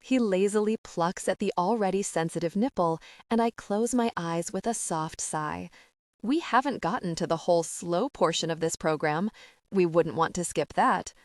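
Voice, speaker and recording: Woman reading a romance audiobook, lowish voice, slow and intimate, dry room. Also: darkish tone, no echo. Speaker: audiobook narrator. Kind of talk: first-person romance narration.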